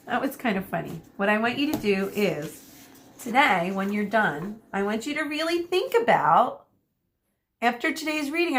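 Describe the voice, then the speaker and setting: A woman teacher reading a chapter book aloud to children, expressive and addressing them directly. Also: mid-range voice.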